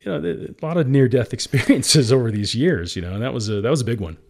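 Casting: male founder guest, earnest conversational storyteller, medium pitch. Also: animated, fast talker, vocal fry. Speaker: company founder and CEO, guest. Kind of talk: candid interview storytelling.

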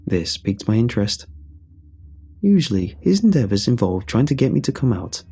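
A man narrating a scripted horror story in a measured, somber way. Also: medium pitch, very animated, mellow, husky.

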